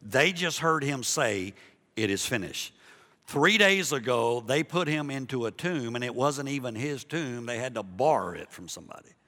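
A man preaching a sermon as a pastor, passionate, dropping to a hush and then building loud again, often repeating himself. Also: mid-range voice, expressive, moderate pace, few pauses, in a large hall. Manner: impassioned, swings between hushed and loud, repeats himself.

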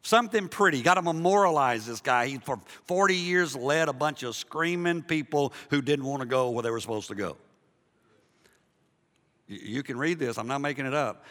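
A man preaching a sermon in a church, animated, moving from loud emphasis to hushed softness, with jokey asides to the congregation. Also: medium pitch, normal speed, big-room sound. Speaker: pastor. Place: church sanctuary.

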